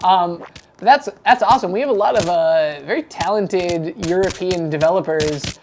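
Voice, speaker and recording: A man's voice: high voice, moderate pace, a little mellow. A man hosting a livestream, chatty and upbeat, introducing the guest. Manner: upbeat, chatty, laughs easily. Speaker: show host. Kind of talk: casual livestream chat. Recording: faint background noise.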